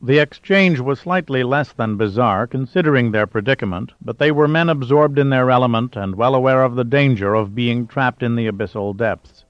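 A man reading an audiobook in a measured, steady narration. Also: medium pitch, no echo. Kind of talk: scripted narration. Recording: dull dry lo-fi audio.

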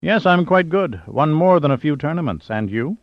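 A man's voice: mid-range voice, lively intonation, normal speed, dry recording, lightly acted. A man voicing a cheerful, genteel older man with a plummy manner, in a storybook reading. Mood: genial. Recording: dull dry lo-fi audio.

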